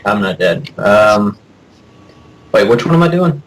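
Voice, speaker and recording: A man appearing as a guest on a live chat show, reading aloud haltingly and sounding unsure, over a home microphone on an online call. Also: on the low side, big pitch swings, low-quality recording.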